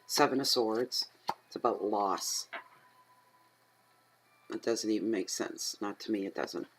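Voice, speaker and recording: A middle-aged tarot reader from Atlantic Canada rambles and chats casually at home, talking to herself and getting easily excited. Her voice is extremely low, and the low-quality recording has a bit of hiss or hum.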